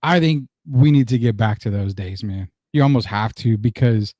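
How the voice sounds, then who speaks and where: A man's voice: on the low side, normal speed, a little mellow, no echo, clean studio sound. A man hosting a sports talk show, chatting casually and rambling with lots of fillers. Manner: rambling, reminiscing, many "you know" fillers.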